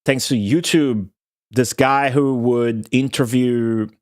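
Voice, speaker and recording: Young male streamer, mid-pitched, rambling and profane. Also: steady tone, slow pace. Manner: rambling, profane, laughing storyteller. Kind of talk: casual rant to stream viewers.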